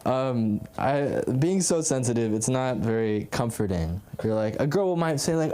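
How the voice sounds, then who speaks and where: A man's voice: mid-range voice, brisk, hardly any pauses, dark tone, clear, resonant tone. Young man, stand-up comic, rambling delivery, lots of fillers, self-deprecating. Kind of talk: stand-up set at an open mic. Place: comedy club stage.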